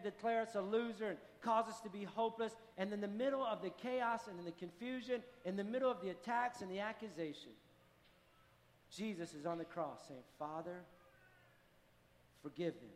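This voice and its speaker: A man's voice: sits high, steady tone, a little fast, hardly any pauses. A pastor delivering an impassioned sermon, driving his points home with repeated declarations. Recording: long hall reverb, faint music.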